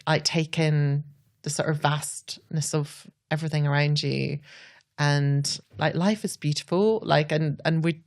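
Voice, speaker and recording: A Scottish woman, a podcast guest, talking earnestly and reflectively, often saying "like". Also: sits low. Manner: earnest, says "like" a lot.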